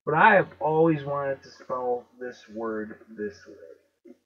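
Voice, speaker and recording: A man with a Chicago accent talks casually to his viewers. He is emphatic, repeats words and spells out letters slowly. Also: medium pitch, slight background noise. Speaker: video host. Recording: dull lo-fi recording.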